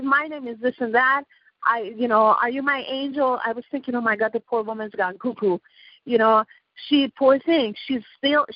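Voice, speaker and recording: A fairly high-pitched woman originally from Iran speaks emphatically as a talk radio guest, jumping from point to point and cutting in often. The sound is dull and lo-fi, with a very dry, close feel. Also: no echo. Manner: rambling, emphatic, interrupts often. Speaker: radio show guest, activist. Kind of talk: talk radio call-in chat.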